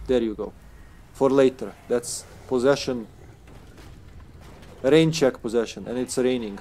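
Male game streamer, mid-pitched, casual, playful accent-switching. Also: unhurried, pauses often, warm tone, a little hiss or hum. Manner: joking, swearing, slipping into put-on accents. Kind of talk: casual gameplay commentary.

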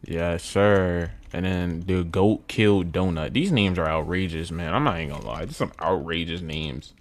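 A young man commenting casually on a video game at home, muttering low, then yelling when excited, repeating himself with lots of bro and man. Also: moderate pace. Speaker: gaming YouTuber. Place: at home indoors.

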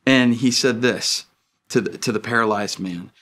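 A man's voice: medium pitch, normal speed, fairly bright tone. Casual conversational man preaching a sermon. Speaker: pastor. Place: church stage.

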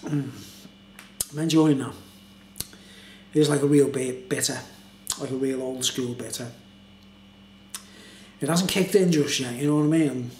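A man's voice: mid-range voice, measured pace, long pauses, a little mellow. Man, tipsy, rambling and chatty, echoey room, faint hum behind. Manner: chatty, meandering, fond of filler phrases. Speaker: beer reviewer. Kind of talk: casual rambling monologue.

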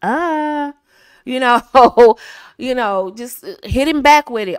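A woman's voice: high voice, slow pace, clear, resonant tone, no room sound, studio quality. An American woman in her thirties, hosting and giving confident, casual dating advice to women, often laughing and acting out bits of dialogue.

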